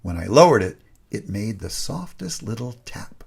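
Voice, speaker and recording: An older man, the author, narrating his own memoir in a hushed, suspenseful storytelling manner. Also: fairly low pitch, sing-song, moderate pace, vocal fry, background noise. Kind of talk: audiobook narration.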